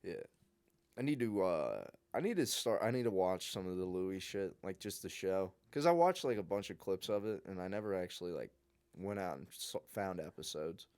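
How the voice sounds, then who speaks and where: A man's voice: low-pitched, lively intonation, normal speed, a little mellow, clean tone. A young adult man co-hosting a podcast in casual chat, joking crudely and laughing often. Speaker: podcast co-host.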